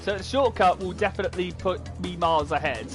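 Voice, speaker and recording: A man's voice: high-pitched, a little fast. A young man streaming a racing game, chatting to his viewers in a rambling, stop-start way while he plays. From United Kingdom. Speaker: gaming streamer. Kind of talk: live gameplay commentary. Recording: game music loud under the voice. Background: loud racing game music.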